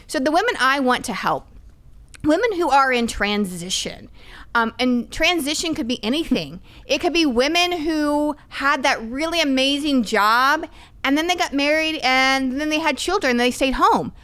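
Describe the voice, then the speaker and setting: A middle-aged woman guest on a podcast, telling stories in a lively, emphatic, candid way. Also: high-pitched, normal speed. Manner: lively, animated, emphatic storytelling. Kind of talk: candid conversational storytelling.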